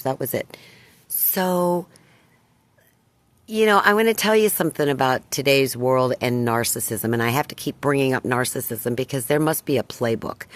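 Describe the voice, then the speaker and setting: An older woman vlogging, retelling a run-in with neighbors in an indignant, emphatic way. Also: a bass voice. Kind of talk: personal storytelling to camera.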